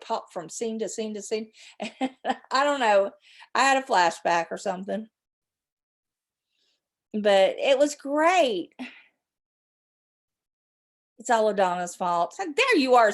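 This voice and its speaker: A woman's voice: a little high, expressive, a little slow, long pauses. A middle-aged woman, hosting a rambling live chat with her viewers and laughing often. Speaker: livestream host.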